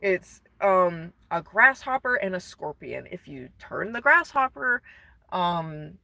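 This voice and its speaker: A woman's voice: on the low side, slow, vocal fry, no room sound. A woman casually retelling a story to camera, rambling, swearing and full of fillers. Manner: rambling, profane, animated retelling. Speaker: vlogger.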